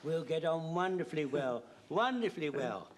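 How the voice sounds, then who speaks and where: A man's voice: a little high, expressive, moderate pace, a little hiss or hum, close to an everyday voice. An actor playing a flustered, eager elderly man who rambles and stumbles over his words in a 1970s TV sitcom.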